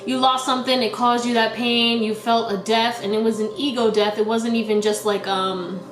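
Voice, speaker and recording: A woman's voice: on the high side, level tone, normal speed, reverberant, over music, low-quality recording. A young woman giving a casual tarot reading, laughing often and talking in a scattered, slangy way. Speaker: tarot reader.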